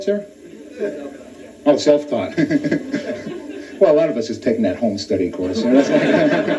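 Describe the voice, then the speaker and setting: A man doing a stand-up comedy routine in a comedy club, working the crowd between quick punchlines. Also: mid-range voice, dark tone. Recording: distant lo-fi club recording. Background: audience laughter.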